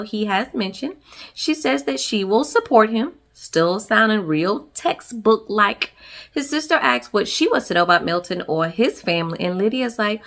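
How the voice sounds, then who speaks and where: A woman's voice: mid-range voice, bright, forceful tone. Sassy chatty woman recapping a show. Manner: sassy, chatty, laughs often. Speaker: TV reality show reviewer. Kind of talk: casual recap commentary.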